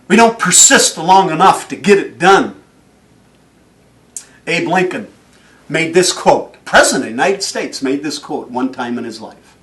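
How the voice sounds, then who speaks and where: A man giving a motivational speech, telling stories in an animated way and chuckling often. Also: high voice, far from the mic. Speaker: motivational speaker.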